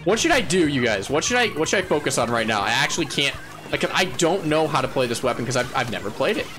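A man streaming a game live, chatting to viewers in a playful, goofy way, laughing often and yelling when he wins. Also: medium pitch, big pitch swings, fast, music in the background. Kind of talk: casual live gameplay chatter.

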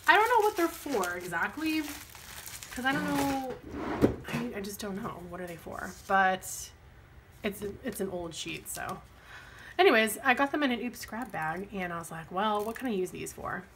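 This planner vlogger, a young woman with a light lilt, chats and rambles self-deprecatingly while planning, laughing at her mistakes. Her mid-range, fairly bright voice swings widely in pitch at normal speed, with a little hiss or hum on the recording.

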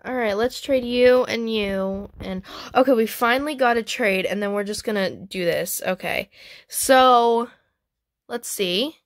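A woman hosting a gaming channel, chatting excitedly as she trades in a game, with frequent gasps and squeals. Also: fairly high pitch, unhurried, dry recording, clean studio sound. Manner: chatty, talks to viewers and other players. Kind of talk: playing a trading game while commenting casually.

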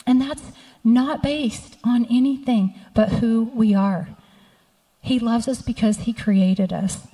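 A woman's voice: on the high side, steady tone, slow pace, mellow, breathy edge. A middle-aged woman pastor giving a sermon, telling personal stories and reading scripture aloud. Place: church sanctuary. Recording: church hall reverb.

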